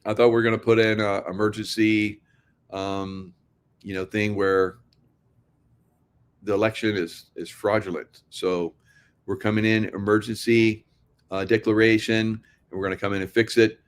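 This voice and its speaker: Low-voiced man ranting sardonically. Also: little pitch movement, moderate pace, pauses often, clear, resonant tone. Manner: sardonic, laughs often, rambling restarts. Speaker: political commentary host. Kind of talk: casual monologue to viewers.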